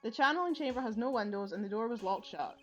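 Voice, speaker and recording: A woman's voice: a little high, expressive, fast, a bit bright, dull audio, faint music behind. A woman reading the lines of a bumbling male police detective in a video game, stammering and deferential. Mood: nervous. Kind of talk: reading game dialogue aloud.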